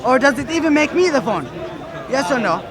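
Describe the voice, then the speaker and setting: High-voiced young man debating outdoors. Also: sing-song. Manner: firm, deliberate, insistent questioning. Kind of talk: street debate. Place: outdoor public park. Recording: outdoor crowd chatter. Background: crowd.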